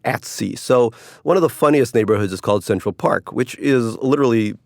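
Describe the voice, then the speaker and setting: A man's voice: mid-range voice, fairly quick, creaky, darkish tone, no room sound, clean studio sound. A middle-aged man, an author, talking casually and wryly in an interview, rambling and putting on mock voices. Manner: wry and rambling, mock voices for quotes, laughs often. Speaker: author interviewed about his cruise article.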